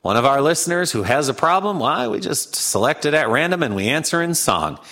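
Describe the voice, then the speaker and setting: A man's voice: on the high side, sing-song, fairly quick, pushed and bright. A man with a Minnesota accent hosting a comic listener-mail segment in a folksy, jokey way. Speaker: host.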